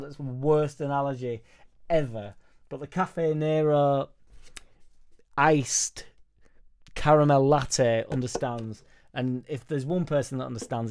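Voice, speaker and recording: A man hosting a football fan live stream, chatting casually and reading viewer comments aloud in a rambling, sweary, jokey way into a studio microphone on a boom arm. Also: a little mellow. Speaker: football fan channel host.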